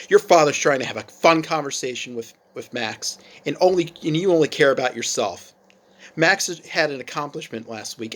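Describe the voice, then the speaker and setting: A man's voice: a little high, a bit bright. A man doing a harsh scolding mother. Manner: harsh, lecturing. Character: angry scolding mother of a teen.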